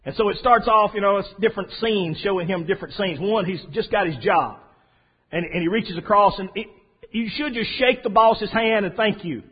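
Man, sermon, folksy storyteller, high husky voice. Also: moderate pace. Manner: folksy storytelling preacher, swings from soft to loud. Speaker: pastor. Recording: dull lo-fi sound.

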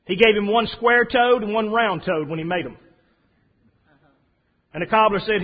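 A middle-aged man preaching a sermon, speaking softly and haltingly with many fillers and restarts. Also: sits high. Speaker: pastor. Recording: dull lo-fi recording.

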